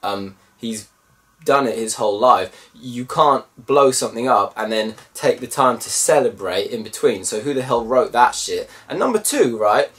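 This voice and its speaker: A man giving a casual film review, animated and mimicking voices in bursts. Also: mid-range voice, normal speed, recorded from a distance.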